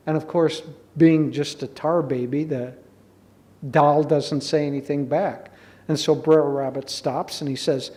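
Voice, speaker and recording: A man who teaches spirituality, explaining slowly and gently and telling a folk tale to make a point. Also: a little high. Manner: slow, measured, gently explaining. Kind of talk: spiritual talk with storytelling. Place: college hall.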